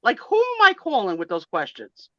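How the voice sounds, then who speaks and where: A woman's voice: a little high, wildly swooping pitch, moderate pace, dry recording, highs cut off. A woman in her sixties, a guest on a casual live video chat, talking in a blunt, joking, self-mocking way. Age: 60s.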